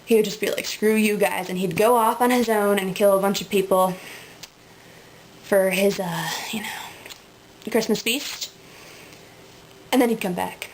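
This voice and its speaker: A woman's voice: medium pitch, steady tone, normal speed, long pauses, a little hiss or hum, rough recording. A woman in a casual, rambling webcam monologue, full of ums and likes, often breaking into giggles. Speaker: vlogger.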